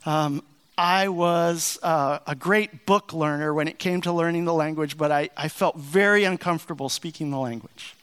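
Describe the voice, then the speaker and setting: Middle-aged American man, pastor preaching with a story; fairly high, clear voice, earnest and folksy. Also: moderate pace, fairly bright tone. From United States. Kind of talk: sermon with personal story.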